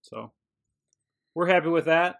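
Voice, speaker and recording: A man's voice: on the high side, unhurried, vocal fry. A man co-hosting a casual wrestling podcast, chatting and joking in an easygoing way. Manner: joking, laid-back commentary. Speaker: podcast co-host.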